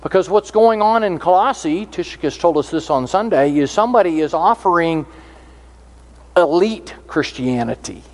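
A man's voice: fairly high pitch, expressive, moderate pace. A man preaching a sermon, earnest and explanatory, reading out scripture verses as he teaches.

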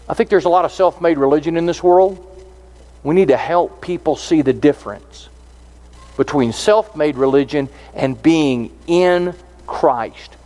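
A man delivers a sermon in an earnest, teaching manner, walking through scripture verse by verse. His voice sits fairly high for a man. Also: a little mellow. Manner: earnest, explanatory, reads scripture aloud. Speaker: preacher.

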